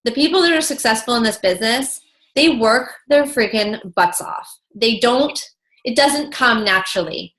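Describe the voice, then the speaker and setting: A woman's voice: fairly high pitch, normal speed, a bit bright. A woman leading a motivational coaching call, talking in an emphatic, chatty way full of "like". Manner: emphatic, chatty, heavy use of "like".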